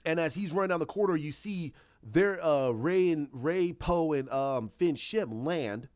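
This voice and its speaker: A man's voice: fairly high pitch, animated, unhurried, a little mellow, no room sound, muffled recording. A man casually retelling a story idea as a video creator, rambling with frequent restarts and repeated words.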